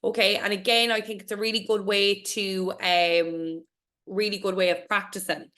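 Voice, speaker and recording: A young Irish woman teaching a class and reading a poem aloud slowly and clearly. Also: mid-range voice, little pitch movement, bright, forceful tone. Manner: encouraging, reassuring, models pronunciation slowly.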